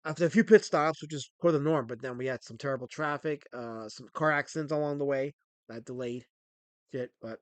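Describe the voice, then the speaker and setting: A man's voice: medium pitch, a little fast, no echo. A man hosting a casual live stream, scolding his chat with plenty of swearing. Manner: scolds chat, profane, animated. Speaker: streamer and host.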